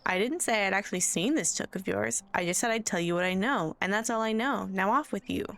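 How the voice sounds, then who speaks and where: A woman's voice: mid-range voice, brisk, a bit bright, close to an everyday voice. A woman voicing a shifty hobbit leaf trader who talks evasively and curtly, tagging lines with "eh". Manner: evasive, dismissive, drops tag "eh".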